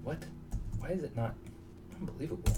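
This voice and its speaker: At his computer, a man commentates live on his own online poker session in a voice on the high side, talking fairly quickly. He thinks aloud and mutters to himself, picked up by a distant mic over steady background noise.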